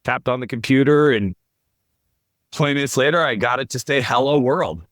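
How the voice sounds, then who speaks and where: A man's voice: mid-range voice, fairly quick, fairly bright tone, no room sound, clean studio sound. A middle-aged man, a podcast guest, telling his life story candidly and earnestly, often quoting other people as he goes.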